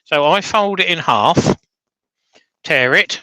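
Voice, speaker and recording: A man's voice: fairly high pitch, animated, slow pace, pushed and bright, no room sound, rough recording. A man demonstrating woodturning on a livestream, chatting casually with dry, practical jokes.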